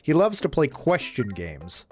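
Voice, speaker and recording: A man's voice: medium pitch, huge pitch swings, a little slow, darkish tone. A man casually commenting while he plays a game, reading its dialogue aloud and cracking sarcastic jokes. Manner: jokey, sarcastic asides, reads game dialogue in a mock-serious voice. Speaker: streamer playing a game. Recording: faint background game music.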